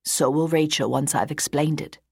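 A woman reads as a wealthy woman in her eighties, sharp and resolute, speaking firmly and crisply in a storybook reading. Her voice is low and husky, close and dry. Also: moderate pace, no echo, full character voice. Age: 80s. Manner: firm, crisp, unbending.

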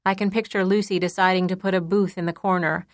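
A woman reading a first-person novel aloud in a measured, intimate storytelling manner. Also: on the low side, flat delivery, dry recording, studio quality. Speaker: audiobook narrator. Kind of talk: first-person audiobook narration.

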